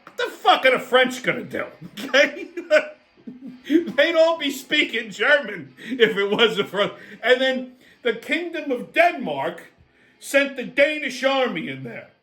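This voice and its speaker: A man's voice: very high-pitched, big pitch swings, a little slow, bright, forceful tone, soft background music. A man hosting his own show with a profane, sarcastic comedic political rant. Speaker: host.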